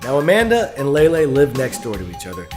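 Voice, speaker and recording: A man's voice: mid-range voice, wildly swooping pitch, quick pace, darkish tone, faint music behind. Man in a dry hard-boiled cop tone. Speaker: narrator. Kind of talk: scripted detective-style narration.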